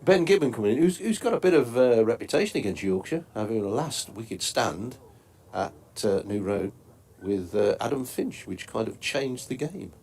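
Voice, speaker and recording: A man's voice: medium pitch, expressive, normal speed, vocal fry, a little mellow. A man commentating on cricket, hesitant and full of fillers, with dry asides. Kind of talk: live commentary chat.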